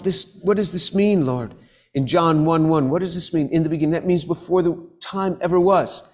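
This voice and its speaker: A middle-aged man preaching and teaching scripture, earnest, repeating key phrases and reading verses slowly. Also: on the high side, a little mellow. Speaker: preacher and professor. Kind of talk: sermon teaching.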